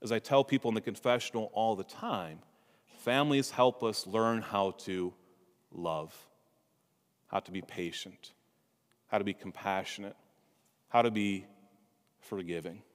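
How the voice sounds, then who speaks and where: A priest giving a homily, telling a humorous family story with asides to the congregation, in a church. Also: male voice, on the low side, a little slow, pauses often. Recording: reverberant church hall.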